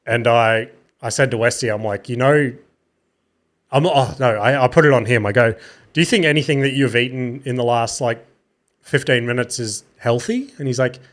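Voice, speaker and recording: A sleepy Australian man in his thirties holds forth alone on his podcast at a middling pitch. He wanders from story to story, drops curse words casually and makes fun of himself. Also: moderate pace, fairly bright tone. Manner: rambling, swears casually, self-mocking. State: tired. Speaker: podcast host.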